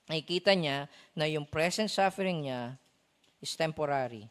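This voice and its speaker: Filipino-accented preacher in a reverberant church. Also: medium pitch. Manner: asks the congregation frequent rhetorical check-in questions; swings between loud emphatic and quiet slow delivery. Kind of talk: sermon. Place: church sanctuary. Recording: long church hall reverb.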